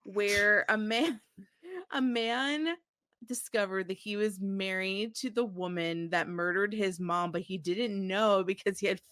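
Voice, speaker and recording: A woman co-hosting a podcast in casual chat, unhurried and trailing off into fillers. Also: medium pitch, a bit bright, no echo, studio quality. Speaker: podcast co-host.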